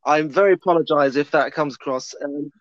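A man's voice: a little high, brisk, dry recording, muffled recording. A man in casual chat, wry and mocking, often breaking into giggles.

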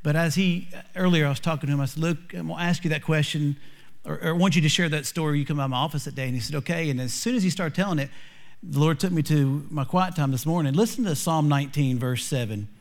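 Rambling man with a slightly high voice. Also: fast. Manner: openly emotional, rambling with restarts. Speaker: youth pastor hosting a podcast. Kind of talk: casual podcast talk with scripture reading.

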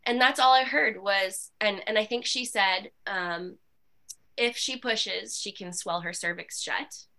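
A woman guest on a podcast recounts her story candidly. Her voice has a bright, crisp edge, and she talks in an animated way with many fillers. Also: mid-range voice, unhurried. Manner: animated, with frequent fillers and laughs.

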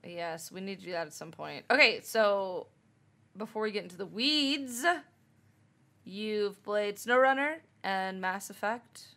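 A woman in casual podcast chat with a bright, forceful voice. She reacts quickly and swears casually. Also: medium pitch. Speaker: podcast co-host and streamer.

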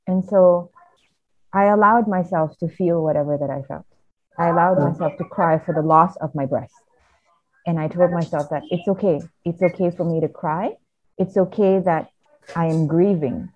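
Woman guest telling her story, kinda low voice, earnest and reflective, restarts a lot, sounds like its over a phone. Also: normal speed, no room sound, phone-quality sound. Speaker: podcast guest. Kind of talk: candid personal storytelling.

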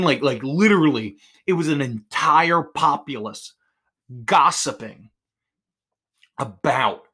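A man's voice: mid-range voice, sharp tone. A man in his twenties from New Jersey, hosting a solo podcast in a rambling, sarcastic, ranting way. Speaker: podcast host. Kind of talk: solo rambling comedic monologue.

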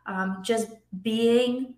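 A middle-aged woman talking as a podcast guest in a casual interview, animated and acting out quotes with a raised voice. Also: on the high side, extremely slow. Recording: echoey room.

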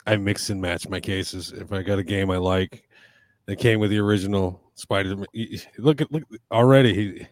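Deep-voiced swearing podcast co-host man. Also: steady tone, moderate pace. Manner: rambling, swears freely, many restarts. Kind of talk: casual podcast chat.

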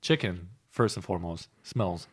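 A man's voice: sits low, normal speed, husky. A man co-hosting a casual podcast from a home loft, telling rambling stories with plenty of swearing. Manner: profane, rambling storytelling. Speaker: podcast co-host. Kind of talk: casual chat.

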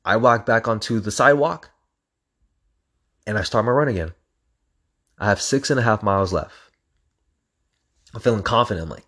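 A young man with a lowish voice tells a story in a loose, casual way, full of swearing. He acts out sounds as he goes and keeps the telling lively. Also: normal speed, pauses often, breathy edge. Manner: animated, profane, acts out sounds.

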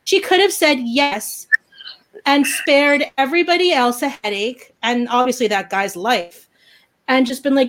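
A woman chatting casually as a podcast host, ranting in an animated, opinionated way. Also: high-pitched, unhurried. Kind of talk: casual chat.

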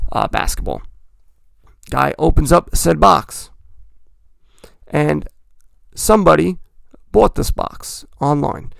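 A man's voice: on the high side, gravelly, dry recording, clean studio sound. A man hosting a podcast, talking in a rambling, chatty way and correcting himself as he goes. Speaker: podcast host. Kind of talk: casual hobby talk.

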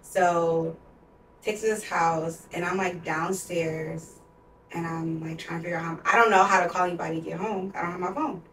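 A woman's voice: on the low side, steady tone, normal speed, fairly bright tone, a little hiss or hum. A young woman in her twenties, a podcast co-host, telling a personal story in a candid, emotional way, with heavy use of "like.". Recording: roomy sound, distant from mic.

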